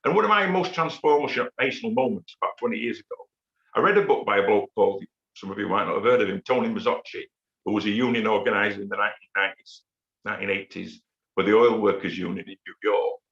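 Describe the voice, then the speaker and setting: A man's voice: lowish voice, fast talker, vocal fry, a bit bright. A man, giving an impassioned, story-filled campaign speech over a video call. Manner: impassioned, anecdotal, repeats words when pushing a point. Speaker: union activist speaker. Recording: echoey room, dull lo-fi sound.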